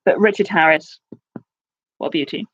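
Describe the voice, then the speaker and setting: A woman in her twenties hosting a casual live quiz, chatty and excitable, with quick asides. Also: fairly low pitch, breathy edge, highs cut off. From United Kingdom. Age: 20s. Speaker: quiz host.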